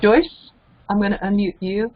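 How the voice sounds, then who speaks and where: A woman's voice: medium pitch, steady tone, moderate pace. A woman hosting an online group session, calling on participants and thanking them effusively. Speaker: host of a group call. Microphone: video call. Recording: slightly muffled call audio.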